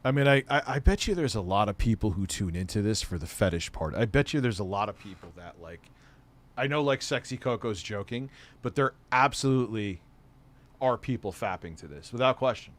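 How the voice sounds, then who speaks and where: A man's voice: fairly low pitch, lively intonation, brisk. A middle-aged man hosting a casual commentary stream, rambling and swearing often. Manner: profane, rambling, laughs easily. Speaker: commentary host.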